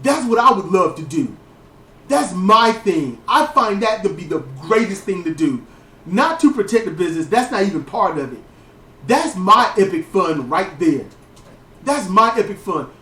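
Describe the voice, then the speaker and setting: A man hosting a casual wrestling podcast, telling stories in a lively way, with frequent swearing and restarted sentences. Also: sits high, normal speed. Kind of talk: casual commentary chat. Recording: roomy, distant mic.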